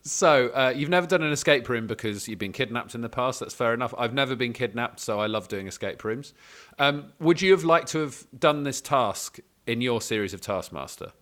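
A man's voice: mid-range voice, expressive, moderate pace, hardly any pauses, fairly bright tone. Guy hosting a podcast, teasing, lots of uhs. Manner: chatty, teasing, many "uh" fillers. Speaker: podcast host. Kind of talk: casual podcast chat.

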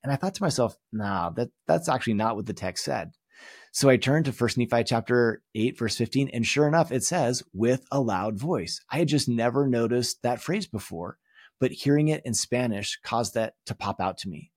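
A man's voice: medium pitch, animated, normal speed, dry recording, clean studio sound. A man teaching a recorded course lesson, explaining in an earnest tone with emphatic rises. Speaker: religion course instructor. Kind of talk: recorded video lecture.

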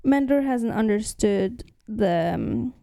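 Woman co-host, slightly high, smooth mellow voice, dry close mic, chatty. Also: expressive, slow pace, no room sound. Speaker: podcast co-host. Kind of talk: casual chat about a comic series.

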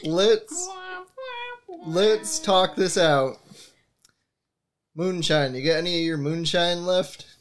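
A man playing in a tabletop game who calmly declares his character's actions. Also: high-pitched, takes it slowly, long pauses. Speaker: player.

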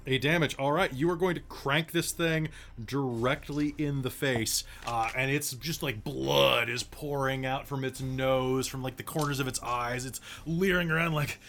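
A man's voice: mid-range voice, steady tone, a little slow, a bit bright. A man narrating a tabletop game as game master, in a casual, rambling way with plenty of fillers.

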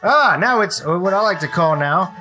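A man, co-hosting a casual beer-tasting chat with a bright, forward voice. He rambles and jokes through his verdicts, and faint music plays behind. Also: sits high, lively intonation, moderate pace. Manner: laid-back, joking, rambling. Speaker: podcast co-host.

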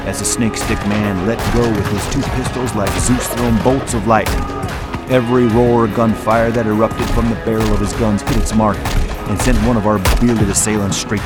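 A man reads a dramatic first-person tale in a measured, deliberate manner. His voice sits on the low side. Clear background music runs beneath the narration. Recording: music playing underneath.

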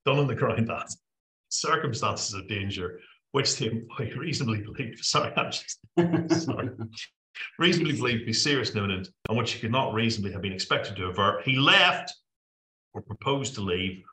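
A man's voice: fairly low pitch, bright, forceful tone, echoey room, poor audio. A man co-hosting a legal podcast, summarising case judgments with lots of fillers and the odd joke. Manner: reads case summaries with many fillers, jokey asides. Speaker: podcast co-host discussing employment law cases. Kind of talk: casual legal podcast discussion.

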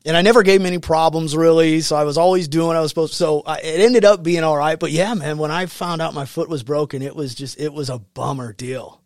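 A man's voice: on the high side, fast, hardly any pauses, no room sound. A man, a military veteran, telling stories as a guest in a casual studio interview, acting out quotes with lots of fillers. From United States. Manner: animated, acts out quotes, many fillers.

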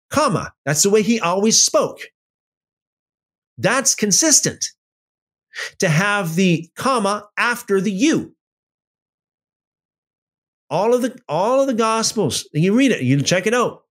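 A man giving informal Bible teaching in an emphatic, animated way, often restarting and using fillers. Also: high voice, slow, long pauses.

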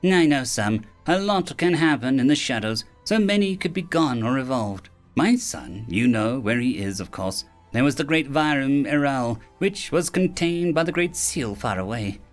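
A man's voice: mid-range voice, lively intonation, normal speed, hardly any pauses, faint music behind, close to an everyday voice. A man voicing a mercurial ancient female fairy who swings from bubbly to snappish. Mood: airy. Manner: bubbly then snappish, theatrical.

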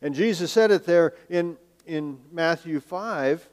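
Guy preaching a sermon, kinda high voice, loud then hushed, long echo like a big church. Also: slow pace. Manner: animated preaching with rhetorical questions, swinging between emphatic and hushed. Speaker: pastor. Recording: long reverb of a large hall.

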